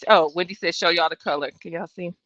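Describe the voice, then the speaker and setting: A woman's voice: lowish voice, fast talker, fairly bright tone, dry recording. A woman in her thirties hosting a live trial-watch stream, giving blunt, sassy, profane casual commentary. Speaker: livestream trial-watch host. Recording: dull, dry home stream audio.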